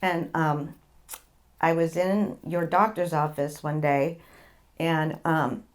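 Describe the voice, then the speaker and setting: A middle-aged woman speaks slowly in a low, fairly even voice, candidly telling her own story as a patient guest. She rambles, repeats words and laughs along the way.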